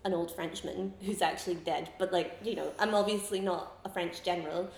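A woman in her twenties chatting casually in an interview, rambling and giggling through animated stories. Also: lowish voice, a little fast, roomy sound, a little hiss or hum. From Scotland. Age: 20s. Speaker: comedian guest.

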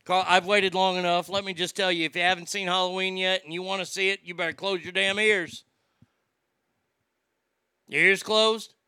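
Profane high-voiced ranting man. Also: flat delivery, moderate pace, bright, forceful tone, clear, resonant tone, dry recording, clean studio sound. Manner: swearing, exasperated ranting. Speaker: podcast host reading listener comments. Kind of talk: casual profane movie rant.

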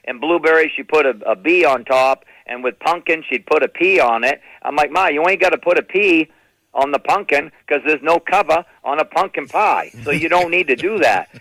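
Middle-aged comic, brisk stand-up storytelling, lively impressions, slightly high voice, dry close sound. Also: male voice, no echo, poor audio. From New England. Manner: animated, slips into impressions of relatives. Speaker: comedian telling family stories.

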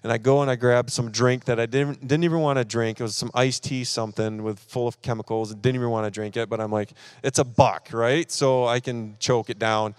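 A man preaches through a personal story, acting out his own frustration along the way. His voice sounds smooth and resonant, with a dry, close sound and little room echo. His pitch sits in a middle range for a man. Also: fairly even intonation, fairly quick, hardly any pauses. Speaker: pastor. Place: church service.

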